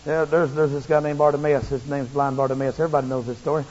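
A male preacher giving a fervent, repetitive sermon that rises into shouts. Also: a little high, flat delivery, quick pace. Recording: muffled, long hall reverb.

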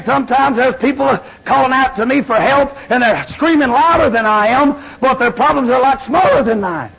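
A man preaching a fiery sermon, swinging between shouted lines and low murmurs. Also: vocal fry, husky. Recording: dull lo-fi sermon recording.

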